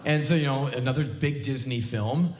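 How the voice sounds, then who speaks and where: A man's voice: medium pitch, normal speed, darkish tone, slight background noise. A man in his forties performing a live comedic spoken word monologue, sardonic and emphatic, on a large theater stage. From United States. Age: 40s. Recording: roomy live theater recording.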